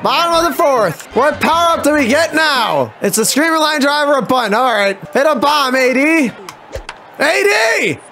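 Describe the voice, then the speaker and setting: A man commentating his own baseball video game, excitable, swearing and groaning at the plays. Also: very high-pitched, moderate pace, hardly any pauses, faint music behind. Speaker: gameplay commentator. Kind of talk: let's play commentary.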